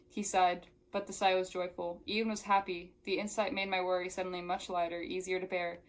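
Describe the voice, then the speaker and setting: A woman's voice: fairly low pitch, level tone, fairly quick, few pauses. Young woman reading a novel aloud. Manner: casual, exasperated asides. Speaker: book reviewer.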